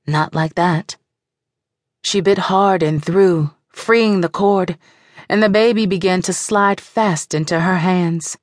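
A woman narrating a novel in a measured, even storytelling manner. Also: on the low side, dry recording, studio quality. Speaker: audiobook narrator. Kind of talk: scripted audiobook narration.

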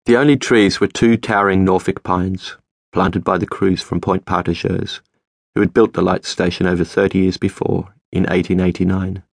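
A man narrating a novel as an audiobook, in a measured, steady storytelling manner. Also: sits low, creaky, no room sound, clean studio sound. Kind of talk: scripted narration.

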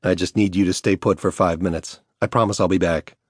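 A man reads a first-person story aloud as an audiobook narrator, keeping his delivery measured and hushed. His voice sits very low, and the close studio recording is dry, with no room sound. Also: steady tone, husky, dry recording.

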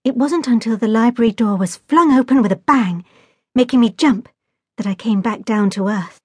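A woman reading a novel aloud as an audiobook narrator, in a lively storytelling manner. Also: a little high, moderate pace, breathy edge, no room sound, studio quality. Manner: lively, voices the dialogue. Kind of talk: scripted narration. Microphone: close studio mic.

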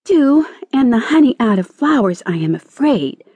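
A woman's voice: lowish voice, sing-song, a little slow, warm tone, breathy edge, no echo, exaggerated voice. A woman voicing a timid, anxious female green caterpillar in a storybook audiobook, plaintive and earnest.

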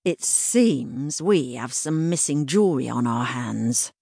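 A woman's voice: a bass voice, animated, a little slow, creaky, warm tone, husky, no echo, clean studio sound, exaggerated voice. A woman voicing a reluctant, by-the-book male police inspector in a children's storybook, weary and formal.

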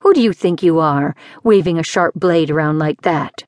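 A woman's voice: lowish voice, very animated, moderate pace, dry recording, clean studio sound. A woman voicing a bossy, outspoken woman who scolds emphatically in an audiobook. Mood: scolding.

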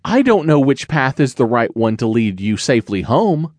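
A timid, gentle snow leopard kitten from a children's storybook, soft and apologetic, spoken by a male narrator close to his own voice. The delivery is lively in pitch and dry, with no room around it. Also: normal speed, no echo. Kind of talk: children's audiobook character voice.

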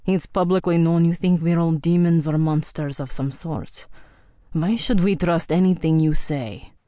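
A woman's voice: low-pitched, measured pace, mellow, no echo. Female narrator doing a grumpy ancient viking guy, blunt and accusing, dry close sound. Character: hulking thousand-year-old male Viking, hostile and blunt.

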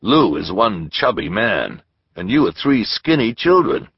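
A man's voice: fairly low pitch, sing-song, unhurried, slightly rough, no echo, dull audio, heavily acted. A man voicing a friendly, scruffy little shopkeeper who chats and holds firm opinions, in a storybook reading. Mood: chatty. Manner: chatty, opinionated.

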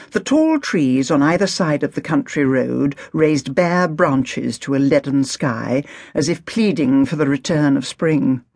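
A woman narrating an audiobook novel with crisp, expressive storytelling and a gravelly, husky voice. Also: low-pitched, no room sound, clean studio sound. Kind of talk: scripted narration.

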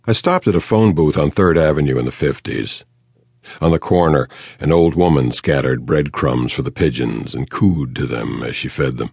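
A man narrating a detective novel in the first person, measured, dry and matter-of-fact. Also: extremely low pitch, creaky, a little mellow, husky, no echo. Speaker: audiobook narrator.

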